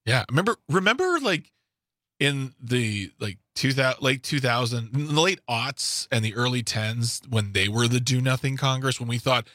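A male radio co-host with a joking, sarcastic way of talking. His voice has a bright, forceful edge, and he is recorded close up on a dry studio mic. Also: mid-range voice, lively intonation, normal speed, no echo. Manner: joking, sarcastic, acts out mocking quotes. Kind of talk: political talk radio banter. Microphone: studio microphone.

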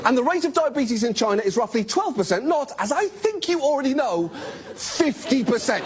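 A man's voice: very high voice, very animated, moderate pace, background noise. A man giving a scripted comedy monologue as a show host, sarcastic and mock-incredulous.

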